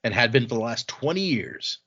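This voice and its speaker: Lively guy on a book podcast, laughs a lot, slightly dull audio. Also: medium pitch, brisk. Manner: animated, laughs easily, acts out quotes. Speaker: podcast co-host. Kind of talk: casual book discussion, reading aloud.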